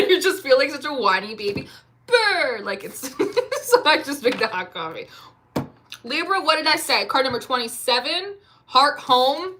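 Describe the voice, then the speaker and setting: A woman's voice: on the high side, background noise. A woman giving a casual tarot reading to camera at home, chatty and rambling with lots of filler words. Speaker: tarot reader.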